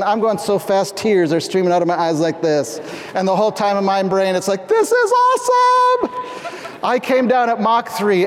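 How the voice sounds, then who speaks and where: A middle-aged Canadian man with a voice on the high side preaches a storytelling sermon. He's animated, acts out the scenes and breaks into sudden loud shouts, all with long hall reverb.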